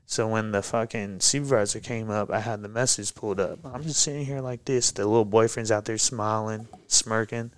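A man's voice: fairly low pitch, normal speed, few pauses, clean tone. Profane, heated man telling a story. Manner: profane, heated, animated retelling. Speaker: guest, pro MMA fighter. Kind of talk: casual podcast storytelling.

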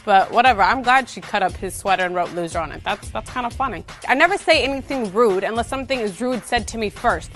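Brief: woman reality-show cast member, confessional interview, high-ish voice, brash and profane, faint music underneath. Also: animated, fast, hardly any pauses, a bit bright.

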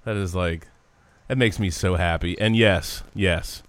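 A man's voice: low voice, measured pace, a bit bright, no echo. Laid-back man hosting sports chat. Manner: laughs often, says dude and man. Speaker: sports podcast host.

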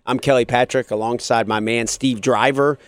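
A man hosting a sports talk radio show, energetic and upbeat at a studio microphone. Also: mid-range voice, moderate pace, clean tone, dry recording.

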